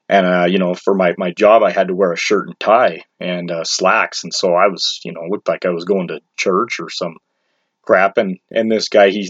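A man with a fairly low voice tells a story about his own life in a loose, rambling way, dropping crude slang and restarting his sentences. The recording is dull and lo-fi, with a dry sound and no room echo. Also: slightly rough. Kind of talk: casual personal storytelling.

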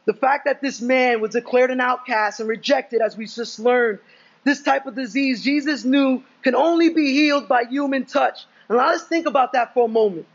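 A man's voice: extremely high pitch, moderate pace, dull audio. A young adult man preaching a sermon in a casual, conversational way, telling stories with asides. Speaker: pastor.

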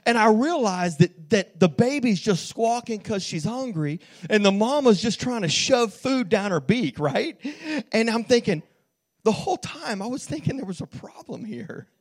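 A pastor preaches a sermon in church in a high voice at normal speed. He tells a lively story, restarting often and calling out to the congregation.

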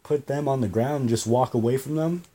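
A man's voice: medium pitch, a little fast, warm tone. A man hosting a podcast, telling a story in a rambling, repetitive way and swearing freely. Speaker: podcast host. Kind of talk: casual storytelling monologue.

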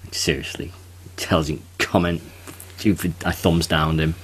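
Really deep voiced guy chatting on a podcast, keeps restarting his sentences. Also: steady tone, moderate pace, husky. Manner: chatty, restarts and self-corrections. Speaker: podcast co-host. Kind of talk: casual chat.

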